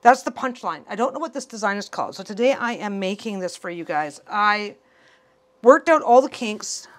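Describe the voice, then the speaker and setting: A woman hosting a casual sewing tutorial, talking in an excitable, rambling way and often repeating herself. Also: medium pitch, moderate pace. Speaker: quilting channel host.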